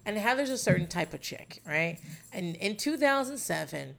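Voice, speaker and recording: A woman's voice: medium pitch, expressive, normal speed, gravelly, fairly bright tone. A woman hosting a podcast who recaps a reality dating show in a rambling, wry, profane casual chat.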